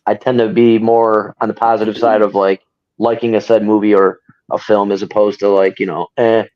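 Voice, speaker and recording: A man's voice: fairly low pitch, little pitch movement, normal speed, no echo. Rambling man, slightly dull sound. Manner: rambling, many fillers like "like" and "you know". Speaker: podcast co-host. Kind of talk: casual chat among friends.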